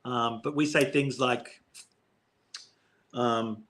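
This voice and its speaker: A man's voice: medium pitch, fairly even intonation, fairly bright tone. A man from Australia with an Australian accent, joking around as guest co-host on a live stream chat. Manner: joking, fast, dad jokes.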